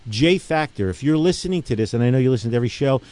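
A man's voice: medium pitch, animated, racing, a little mellow, no room sound. A middle-aged man hosting a casual radio talk show, talking emphatically and rambling through stories with many restarts and frequent "okay?" check-ins. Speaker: radio show host and gun range owner.

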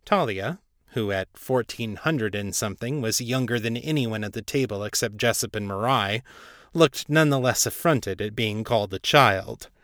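A man hosting a podcast, narrating a fantasy story in an even, measured way. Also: on the low side, no echo, clean studio sound. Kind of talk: reading a fantasy story aloud.

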